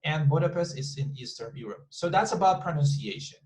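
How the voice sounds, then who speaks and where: A man with a slightly high voice runs an online English lesson over a computer mic on a video call. He talks in a loose, repetitive way, circling back to the same point. He often turns to his students with quick questions. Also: lively intonation, rough recording. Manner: chatty, repetitive, asks the class frequent questions. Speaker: English teacher. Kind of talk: online class teaching.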